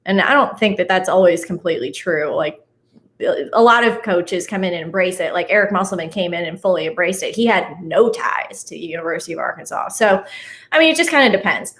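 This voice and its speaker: A woman's voice: fairly low pitch, expressive, brisk, fairly bright tone. A woman guesting on a casual sports podcast, chatting with frequent laughs and lots of "like.".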